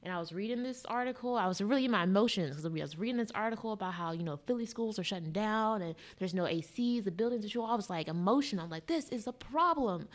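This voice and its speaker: A woman from guesting on a podcast, telling stories in a blunt, profane, animated way. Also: medium pitch, fast talker, hardly any pauses. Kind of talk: casual chat.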